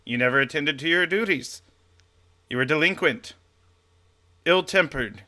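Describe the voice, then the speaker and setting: A man's voice: fairly high pitch, bright, forceful tone. A man playing a haughty, pompous orator. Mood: scornful. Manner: stiff, haughty, measured. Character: thin, pompous, self-righteous male orator.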